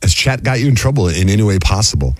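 A man hosting a radio call-in show, teasing and reacting quickly to callers. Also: lowish voice, very animated, no echo. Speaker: radio host.

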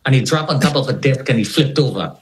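A man's voice: mid-range voice, animated, fast, poor audio. A man, an interview guest, recounting a personal story and animatedly acting out the dialogue.

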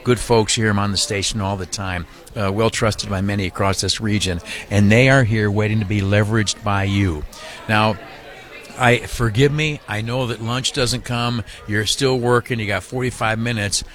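Radio guy pleading for donations, earnest, keeps restarting, lowish voice, studio mic. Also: steady tone, normal speed, a bit bright. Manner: earnest, rambling, many restarts and fillers. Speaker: radio host. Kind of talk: charity radiothon appeal.

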